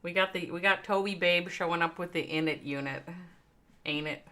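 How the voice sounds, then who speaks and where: Low-voiced Midwestern woman streaming a game. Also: moderate pace, sharp tone. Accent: American Midwestern. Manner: chatty, reads out viewer names, thinks aloud while playing. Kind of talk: casual live-stream chat.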